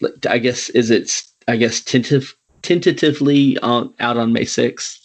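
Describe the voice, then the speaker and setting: Slow-drawling Southern man. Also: mid-range voice, fairly even intonation. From Alabama. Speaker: podcast host. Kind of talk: casual interview chat.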